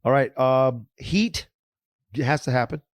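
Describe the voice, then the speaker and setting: A man's voice: medium pitch, a little slow, no room sound. A man co-hosting a comedy podcast, joking and swearing as he rambles about movies. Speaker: podcast co-host. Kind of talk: casual comedy podcast banter.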